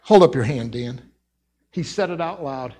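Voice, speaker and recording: A man with a Midwest accent preaching a sermon in a church, telling the story with lively acted-out voices and accents. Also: mid-range voice, moderate pace, slightly rough. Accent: American Midwest. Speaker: pastor. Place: church sanctuary.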